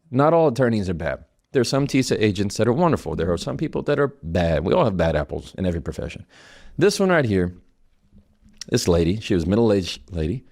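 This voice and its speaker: Animated man coaching listeners. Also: mid-range voice. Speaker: attorney giving life advice. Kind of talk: motivational talk.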